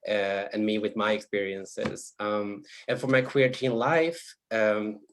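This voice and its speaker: Man, from Sweden, author, lowish voice, halting, soft-spoken, video call panel. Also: fairly even intonation. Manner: soft-spoken, hesitant, many restarts.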